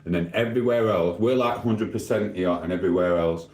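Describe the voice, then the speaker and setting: A man's voice: low voice, brisk, darkish tone, echoey room. A man from Sheffield with a Sheffield accent, live-streaming in casual chat, reading out viewer comments and answering them in a cheeky, rambling way. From Sheffield, England. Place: home living room.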